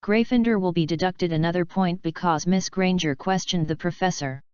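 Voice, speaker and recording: A woman's voice: lowish voice, normal speed, a little mellow, smooth, no room sound, lightly acted. A woman reading a cold, sneering male potions professor. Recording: dull lo-fi dry recording.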